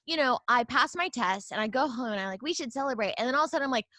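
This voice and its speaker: Bright-voiced woman confiding, dry sound. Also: a little high, expressive, racing, no room sound. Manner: confessional, rambling with many fillers. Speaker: podcast co-host. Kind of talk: casual interview chat.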